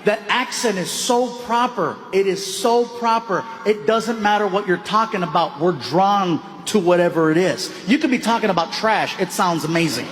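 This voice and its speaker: Male American stand-up, emphatic, high voice, echoing hall. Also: animated, moderate pace, hardly any pauses. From United States. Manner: emphatic, repetitive build-up. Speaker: stand-up comedian. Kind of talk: stand-up comedy. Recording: stand-up stage, reverb and room noise.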